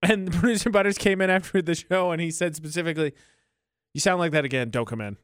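Male radio co-host, slightly high voice, jokey, close and dry. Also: fast talker, no echo. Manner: jokey, animated storyteller. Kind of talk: casual radio chat.

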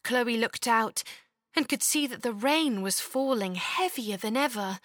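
A woman narrating a children's storybook in an expressive, lilting way, close to a studio mic. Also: on the high side, unhurried, no room sound.

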